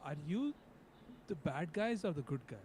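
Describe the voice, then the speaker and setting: Man, tabletop player, playful, loose, slightly high, faint hiss. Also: very animated, moderate pace, darkish tone. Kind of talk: casual tabletop game play.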